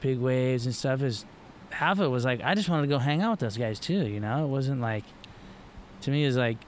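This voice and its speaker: A middle-aged man from Florida talks casually as a podcast guest, rambling and restarting his sentences, with a lot of "like" and "you know". His voice sits at an ordinary pitch, and faint noise runs underneath. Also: animated, fairly quick. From Florida, USA. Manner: loose and rambling, full of fillers and restarts. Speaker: guest, professional surfer.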